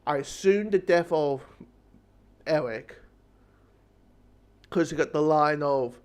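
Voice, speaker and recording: A man giving a casual spoken review of a TV episode, rambling and excitable and swearing freely. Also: on the high side, slow, clean tone. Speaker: TV show reviewer.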